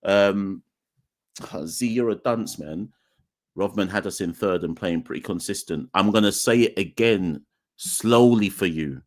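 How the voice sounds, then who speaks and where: A man's voice: sits low, unhurried. Emphatic man hosting live cricket stream. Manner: emphatic, repeats points, addresses chat directly. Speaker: podcast host. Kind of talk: live-streamed call-in commentary.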